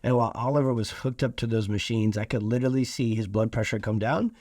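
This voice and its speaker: A man's voice: medium pitch, quick pace, darkish tone, no room sound, studio quality. A man from Iowa hosting a solo podcast, talking earnestly and stressing points by repeating phrases. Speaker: podcast host.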